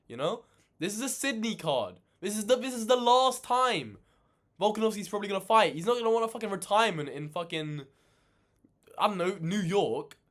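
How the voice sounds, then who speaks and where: A man ranting in casual reaction commentary, animated and swearing a lot, exasperated. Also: high voice. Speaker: reaction channel host.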